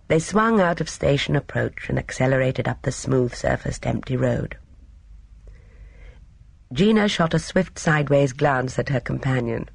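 An audiobook reader narrating a novel in an expressive, measured storytelling manner. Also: mid-range voice, gravelly, slightly rough, dry recording.

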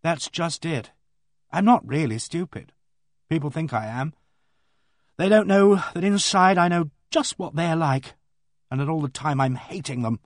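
A man's voice: fairly high pitch, lively intonation, a little slow, no echo, clean studio sound, voice pushed up. A man reading aloud and voicing a sullen, awkward teenage girl who talks bluntly and gloomily. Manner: blunt, gloomy, bursts into bitter outbursts.

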